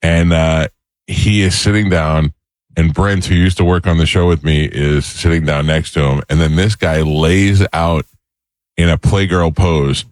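A middle-aged man hosting a talk show, telling a funny anecdote in an animated way and mimicking the people in it. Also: low-pitched, a little slow, dry recording. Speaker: radio show host. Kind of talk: casual storytelling chat.

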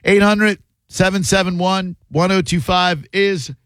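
A man's voice: sits high, steady tone, unhurried, a bit bright, smooth, dry recording. A man hosting a call-in radio show, talking in a wry, joking and opinionated way into a studio microphone.

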